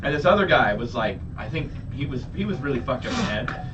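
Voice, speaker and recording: A man casually telling crude, animated work stories to friends, acting out the people in them, recorded from a distance in dull lo-fi sound. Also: mid-range voice, quick pace, over music. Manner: crude, animated storytelling full of quoted voices. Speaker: construction worker telling stories.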